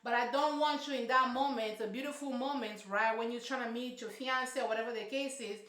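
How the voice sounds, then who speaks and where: Sassy high-voiced woman in a roomy echo. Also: steady tone, brisk, a bit bright. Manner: sassy, emphatic, slangy. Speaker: reality show reviewer. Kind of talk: casual reaction commentary.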